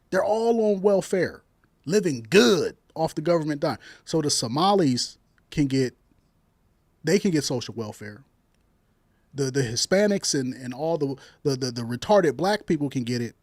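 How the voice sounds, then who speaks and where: A man's voice: fairly high pitch, expressive, moderate pace, a little mellow, no room sound, studio quality. A man from Jamaica arguing in a heated casual debate, blunt and crude, laughing at his own jokes.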